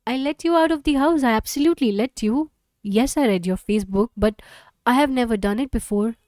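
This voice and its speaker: Woman reading as a fretful suspicious mum, defensive, accusing, mellow tone, dry recording. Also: a little high, a little fast, dry recording, lightly acted. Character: anxious, suspicious mother arguing with her teenage daughter.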